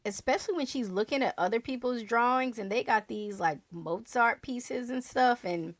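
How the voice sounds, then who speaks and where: A woman co-hosting a book podcast, talking in a playful, animated way and acting out little quotes. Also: fairly high pitch, moderate pace, no echo. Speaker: podcast co-host. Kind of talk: casual book discussion.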